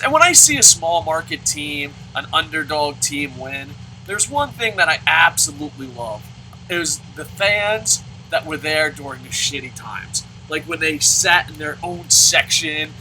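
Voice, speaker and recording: A man's voice: fairly high pitch, bright, forceful tone, slight background noise, low-quality recording. A man hosting a let's play, commenting on a baseball game and answering viewer comments in a profane, ranting way.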